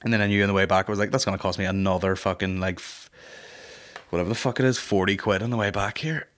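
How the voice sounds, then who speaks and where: Comic host, young, low-pitched, crude, rambling anecdote style. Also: male voice, fast. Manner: sweary, rambling, animated comic voices. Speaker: podcast host. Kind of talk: casual comedic storytelling.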